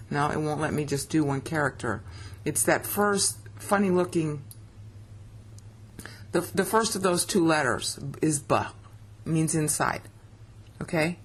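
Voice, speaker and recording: Woman, Bible teacher, slow deliberate delivery, breathy voice, emphatic step-by-step explaining, computer mic. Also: low voice. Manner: emphatic, explaining step by step with frequent checks for understanding. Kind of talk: screen-share scripture lesson.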